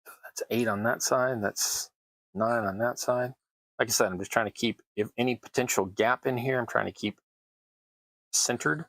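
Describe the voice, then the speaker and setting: A man's voice: medium pitch, normal speed, a bit bright, no echo, low-quality recording. A man hosting a crafting livestream, chatting casually while he works, with wry, self-deprecating asides. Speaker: terrain crafting livestream host.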